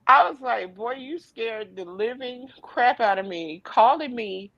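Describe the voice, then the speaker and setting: A woman hosting a live video chat, telling a story in an animated way, with fussing and laughter. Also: fairly high pitch, measured pace, dry recording, dull audio. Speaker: host. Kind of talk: casual chat on a live stream. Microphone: video call.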